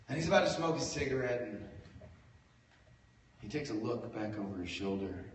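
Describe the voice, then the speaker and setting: Male live storyteller, animated and theatrical; distant phone audio in a reverberant hall with faint ambience. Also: mid-range voice, normal speed, pauses often, slight background noise. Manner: animated, swinging from hushed to loud for effect. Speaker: storyteller on stage. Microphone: phone stream from the audience.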